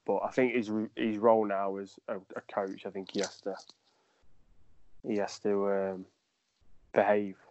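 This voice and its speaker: A man's voice: on the low side, level tone, a little slow, pauses often, a little mellow, slight background noise. A man, a footballer guest on a podcast, rambling through anecdotes and laughing as he tells them. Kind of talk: casual storytelling. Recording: dull lo-fi dry sound.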